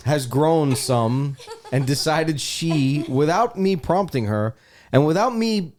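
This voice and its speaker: A man's voice: a little high, expressive, slow pace, a little mellow. A man who is a guest on a podcast, talking in casual comedic chat with a dry, sardonic and profane manner.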